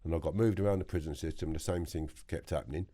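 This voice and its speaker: A man with a London accent telling his story as a podcast guest, blunt and animated, swearing freely. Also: rumbling low, racing. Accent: London English. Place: podcast studio.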